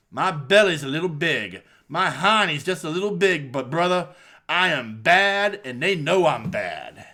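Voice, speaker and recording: A man doing an impression of a brash, boastful male pro wrestler, with a slow, drawn-out, preacher-like delivery. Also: a little high, bright, forceful tone, full character voice.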